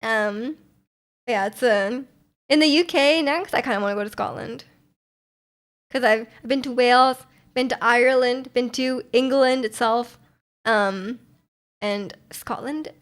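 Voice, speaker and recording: A woman's voice: fairly high pitch, a little slow, long pauses. A young woman livestreamer in casual chat, rambling and laughing often as she answers her chat.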